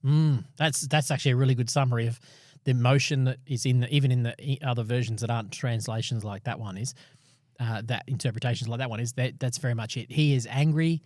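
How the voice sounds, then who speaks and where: A man co-hosts a podcast in a mid-range, slightly mellow voice, talking fast with fairly even intonation. In this casual Bible discussion he readily agrees and draws practical life lessons from a passage. The sound is clean studio audio with no room sound.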